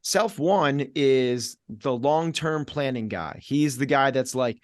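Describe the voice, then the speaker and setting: A man's voice: mid-range voice, slow, dry recording. Middle-aged guy coaching on a podcast, punchy and repetitive, acts out little voices, super dry sound. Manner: energetic, acts out inner voices in quoted asides. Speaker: fitness coach, podcast guest. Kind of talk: podcast conversation.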